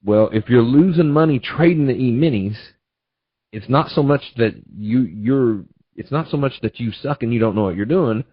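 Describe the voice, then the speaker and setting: A man's voice: mid-range voice, moderate pace, husky, dry recording, dull audio. A male trading educator giving a webinar, teaching through folksy stories with repeated check-ins. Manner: folksy storytelling, repetitive asides. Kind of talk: webinar presentation.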